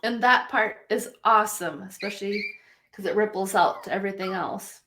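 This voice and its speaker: A woman hosting a video-call interview, bubbly and quick to laugh, with lots of "like" in her talk. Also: mid-range voice, sharp tone. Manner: bubbly, laughs often, says "like" a lot. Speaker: podcast host. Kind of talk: casual interview chat.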